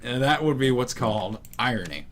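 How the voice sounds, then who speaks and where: A man's voice: mid-range voice, lively intonation. A young man with a middle-range voice, sounding stuffed up from a head cold. He cracks jokes and riffs on whatever comes up while a game plays. There is a faint hiss in the background. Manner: joking, quick to riff and do bits. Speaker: let's play co-commentator. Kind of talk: casual gaming commentary chat.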